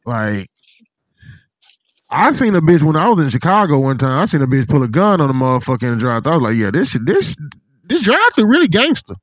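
A man in casual chat with a friend, an animated, profane storyteller who acts out what others said. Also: mid-range voice, fast, dry recording. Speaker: podcast co-host.

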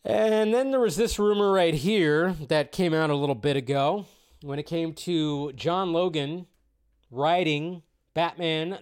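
A man's voice: fairly high pitch, smooth. A man hosting a casual live stream about film news, chatty and rambling, cursing now and then.

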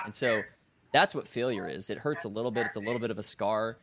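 A man's voice: fairly low pitch, fast talker, background noise. A man, a podcast co-host who serves as a National Guard commander, talking earnestly and reflectively about leadership. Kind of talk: casual podcast discussion.

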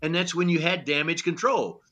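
Speaking at a normal pace with a voice on the high side, this older former pitching coach spins blunt, salty tales as a podcast interview guest. He acts out every bit of dialogue with lively energy and leans heavily on "you know."

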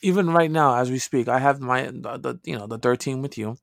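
A man's voice: medium pitch, fairly quick, vocal fry, no echo, studio quality. A man co-hosting a casual podcast, laid-back and hesitant, with lots of fillers. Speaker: podcast co-host.

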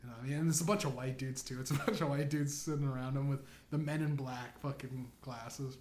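A man's voice: mid-range voice, fairly even intonation, a little fast, a little mellow. A man hosting a comedy podcast, rambling through a profane, meandering monologue and laughing at his own jokes. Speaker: podcast host. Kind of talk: stand-up style comedy monologue. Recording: echoey room, faint noise.

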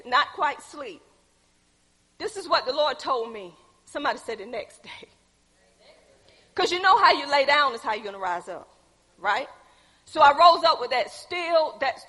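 A woman preaching a testimony sermon, calling out to her congregation and swinging from hushed tones to loud exhortation. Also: high-pitched, big-room sound, rough recording.

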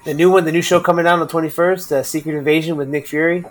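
A man's voice: on the high side, fairly even intonation, rapid-fire. A man hosting a casual movie podcast, rambling and joking, often repeating his words. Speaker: podcast host.

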